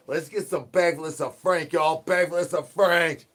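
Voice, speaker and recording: Goofy man yelling at chat. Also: a little high, a little slow, few pauses. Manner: silly rhyming and sing-song wordplay; goofy zombie persona begging for brains. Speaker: live streamer. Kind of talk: rambling live-stream chatter.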